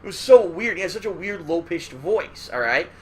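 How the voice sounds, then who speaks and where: High, bright-voiced man ranting casually. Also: lively intonation, normal speed, slight background noise. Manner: rambling, profane, keeps tagging "all right?". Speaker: host. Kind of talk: casual retrospective commentary.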